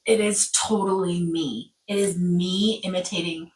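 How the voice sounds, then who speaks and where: A woman's voice: on the low side, steady tone, measured pace. A young woman chatting casually as a co-host, playful and teasing, laughing often. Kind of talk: casual chat. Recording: voice from a distance of the mic.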